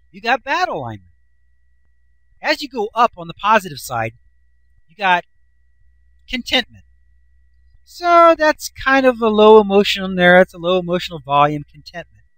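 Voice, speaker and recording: A man's voice: high voice, fairly bright tone, no echo, poor audio. A man, a self-help author, explaining a chart in a casual, folksy, enthusiastic way, swinging his voice up and down for emphasis.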